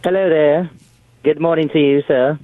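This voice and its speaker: An American man plays a caller hamming up a fake English gentleman. His voice sits high and thin. It comes through a tinny phone line. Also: steady tone, normal speed, a little hiss or hum, natural voice. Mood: hammy. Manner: hammy, overdone British put-on.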